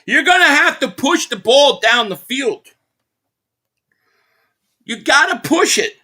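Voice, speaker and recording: A man from the Philadelphia area hosts a live football reaction stream, calling plays as an excited fan and reading out viewer super chats. He speaks slowly in a very high-pitched voice.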